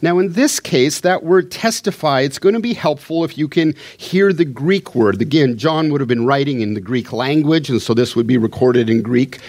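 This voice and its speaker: A man preaching a sermon, teaching a Bible passage in a conversational way and paraphrasing the dialogue as he goes. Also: on the high side.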